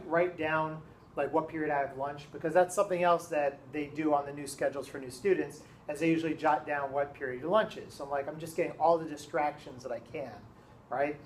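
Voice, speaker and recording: A man, a teacher, telling a story to his students in a classroom, casual and animated, often checking in with "okay?". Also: fairly high pitch, a little hiss or hum.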